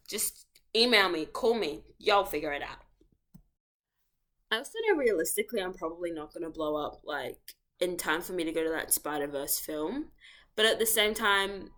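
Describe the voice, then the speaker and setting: Rambling young woman with a bright tone. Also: on the low side, animated, moderate pace. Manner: rambling, self-interrupting, jumps between topics; playful, exaggerated slangy asides. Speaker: vlogger. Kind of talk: casual rambling monologue.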